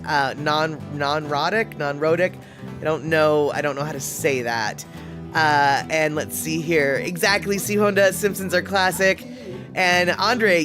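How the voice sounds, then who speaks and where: Rambling woman hosting a chatty stream. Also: low-pitched. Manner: rambling, chatty, lots of fillers. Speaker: live-stream host. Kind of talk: casual chat.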